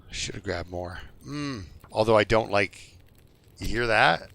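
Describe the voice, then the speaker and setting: A low-voiced man rambles through a live game stream, joking with his chat. His voice is gravelly with a bright, edgy tone, and faint music plays behind him. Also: expressive, unhurried. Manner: rambling, jokey, talks to chat. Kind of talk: casual live-stream commentary.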